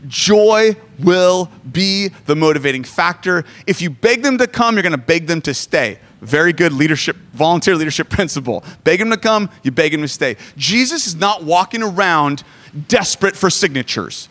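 A man's voice: on the high side, lively intonation, moderate pace, a bit bright. A man in his forties preaching a sermon, joking and self-deprecating as he talks. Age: 40s. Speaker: pastor.

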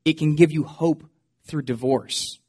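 Guy pastor preaching a sermon, earnest, voice a bit on the high side. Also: measured pace, slightly rough. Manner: earnest, expressive preaching with dramatic quoted voices.

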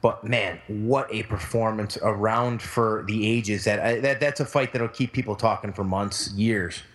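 A man co-hosts a podcast, casually telling a story and acting out the voices of the people in it. His voice is lowish and fairly bright, with fairly even intonation and a slightly slow pace, and the recording carries long hall reverb.

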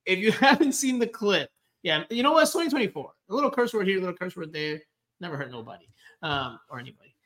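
A male podcast co-host in casual chat, bright and a touch high in pitch. He talks in an animated, joking way and acts out quoted people as he tells a story. His energy keeps the conversation moving. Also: quick pace.

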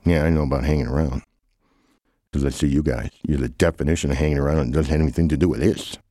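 A man doing a sarcastic, grumpy, deep-voiced guy. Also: fairly even intonation, quick pace, warm tone, no echo, clean studio sound. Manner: sarcastic, scolding. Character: grumpy scornful man mocking his idle friends.

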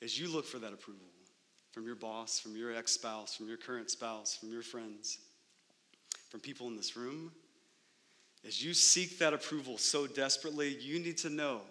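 Bright-voiced preaching man in echoing hall. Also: medium pitch, moderate pace. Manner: emphatic preaching with repeated rhetorical "right?". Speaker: pastor. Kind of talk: sermon. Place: church sanctuary.

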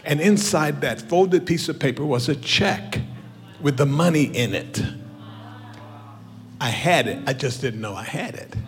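Storytelling preacher in a ringing hall. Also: male voice, on the high side, animated, measured pace. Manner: storytelling, swings from hushed to loud. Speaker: pastor. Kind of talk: sermon. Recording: roomy church hall with music behind.

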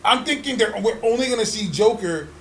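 A man with a very high voice talks in a casual chat, swearing freely and pushing his opinions hard. He laughs easily, and a faint hum of ambience sits behind him. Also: a little fast. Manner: animated, profane, opinionated, laughs often.

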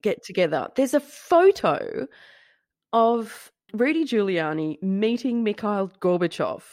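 A woman co-hosting a podcast, chatting about a true-crime story in an animated, joking way, often laughing and sometimes swearing. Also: mid-range voice, slow, no echo, studio quality. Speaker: podcast co-host. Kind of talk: casual true-crime chat.

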